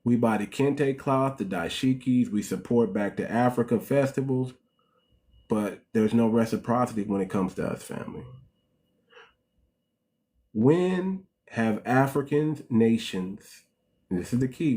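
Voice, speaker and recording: On his casual livestream, a man from the United States preaches to viewers he calls "family," asking them rhetorical questions. He speaks a little slowly, with a medium pitch and a dark tone.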